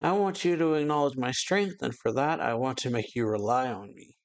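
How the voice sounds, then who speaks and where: A man's voice: mid-range voice, expressive, brisk, lightly acted. A man reading out comic lines as an eager, cheerful male vampire, centuries old, in a raised, chirpy voice.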